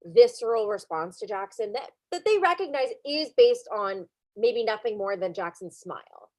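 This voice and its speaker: Woman podcast co-host, casual rambling recap delivery, medium pitch, dry booth sound. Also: lively intonation, moderate pace, darkish tone, no echo. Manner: rambling, self-correcting, lots of fillers. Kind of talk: casual chat recapping a cooking show.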